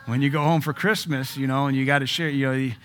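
A man's voice: medium pitch, steady tone, fast talker, a bit bright, a little hiss or hum. Joking preacher man with punchy delivery. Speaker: pastor. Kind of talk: sermon.

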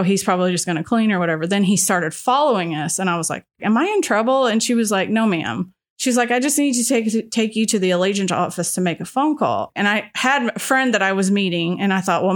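A middle-aged woman, a guest telling her story in her own words, retelling events and quoting what people said, with frequent "you know" fillers. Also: mid-range voice. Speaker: radio listener guest. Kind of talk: personal storytelling.

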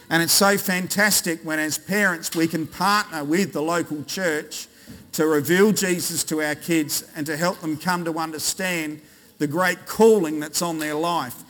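Australian male pastor, bright high voice, playful with the congregation, sermon in a long-echo hall. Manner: jokey, quizzes the congregation. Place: large church hall. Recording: reverberant church hall.

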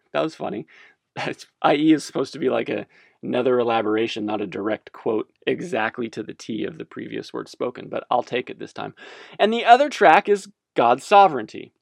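A man's voice: mid-range voice, creaky, no room sound, studio quality. A man giving casual religious commentary as a podcast host, rambling and self-amused, wandering off on tangents.

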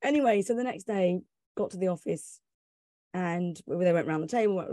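A woman recounts a personal tale in a bubbly, animated way. She acts out the quotes as she goes, and her voice sits dry and close to the mic. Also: medium pitch, a little fast, dry recording. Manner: lively storytelling with laughs and acted-out quotes. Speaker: former radio reporter telling a story.

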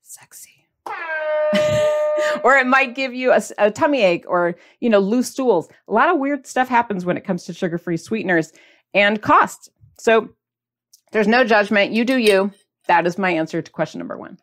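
A woman's voice: medium pitch, expressive, moderate pace. Chatty woman hosting a diet podcast. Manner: chatty, asks the audience questions; playful, mimics listeners' reactions. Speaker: podcast host. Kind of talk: casual chat to viewers.

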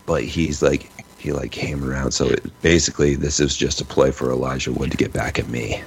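A man with a very deep, low voice spins a rambling comic story on a podcast, acting out the people in it. A faint hiss sits under his voice. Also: a little fast, gravelly. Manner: rambling, animated storytelling with acted quotes. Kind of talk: casual chat, long comic riff.

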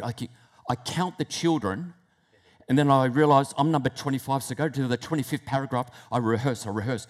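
A man giving a sermon about fear. He tells stories, acts out inner thoughts, and swings between hushed and loud delivery, with frequent restarts. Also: medium pitch, lively intonation, a little fast. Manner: repeats words, restarts phrases. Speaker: preacher.

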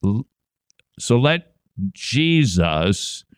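A man hosting a comedic commentary show, his pitch swooping up and down as he mocks and jokes. His voice is close and dry, with no room sound around it. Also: sing-song, drawn-out words, clean tone, no echo. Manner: sarcastic, mocking. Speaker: podcast host.

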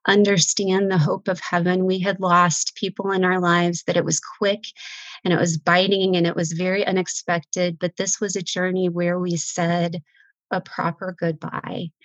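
A woman's voice: fairly low pitch, flat delivery, moderate pace, no echo, poor audio. Heartfelt woman telling a faith story. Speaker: guest author. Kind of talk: emotional faith conversation.

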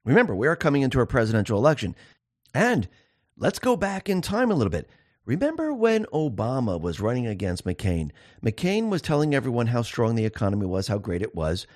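A man speaks in a solo political commentary show, and his voice swings widely up and down as he makes his case. He keeps asking his listeners rhetorical questions and repeats key words for emphasis. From time to time he slows down to read passages aloud. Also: mid-range voice, wildly swooping pitch, a little mellow. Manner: reads quoted passages aloud.

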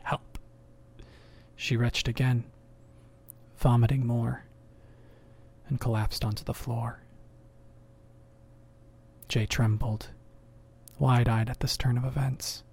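Slow, measured male horror narrator. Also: medium pitch, gravelly, a little mellow, husky. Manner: slow, measured, dropping to whispers.

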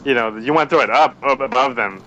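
A man's voice: mid-range voice, fast, sharp tone. A man on a podcast, explaining patiently with examples in a casual chat. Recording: slightly dull audio with faint noise.

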